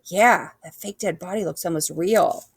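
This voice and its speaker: A timid young schoolboy in a storybook, as a woman reading aloud puts him on. He speaks small and squeaky, close to her own low, gravelly voice, recorded dry. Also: moderate pace, no room sound. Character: nervous young schoolboy sidekick.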